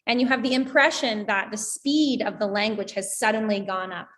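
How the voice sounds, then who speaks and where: An American woman, an English teacher and guest, explaining pronunciation in a lively way and demonstrating with examples. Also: mid-range voice, normal speed. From United States. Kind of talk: explanatory conversation.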